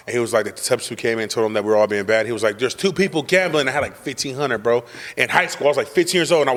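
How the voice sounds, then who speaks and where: A man's voice: mid-range voice, a bit bright, in a large hall. A young man hosting a casual chat, telling a boastful, profane, slang-heavy story. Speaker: podcast host telling a story.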